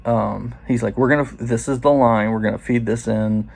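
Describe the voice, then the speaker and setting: Gravelly man telling a casual story. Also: mid-range voice, fairly even intonation, a little mellow. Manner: loose and profane, quoting others in quick asides. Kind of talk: casual first-person storytelling.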